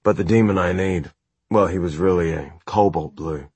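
A man voicing an earnest young male shadow hunter who speaks quietly and insistently, in an audiobook reading. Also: deep voice, normal speed, slightly rough, dry recording. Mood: doubtful.

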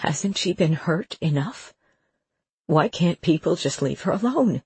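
A woman's voice: mid-range voice, animated, moderate pace, a little mellow, breathy edge, no echo, pitched above the performer's own voice. A narrator voicing a distressed, defensive woman who pleads with a shaky voice, in an audiobook. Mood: upset pleading. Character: distressed middle-aged woman protecting her niece. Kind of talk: audiobook character voice.

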